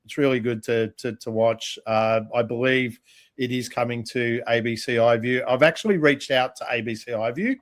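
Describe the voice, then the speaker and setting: A man's voice: medium pitch, normal speed. Jokey, rambling male podcast co-host. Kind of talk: casual chat.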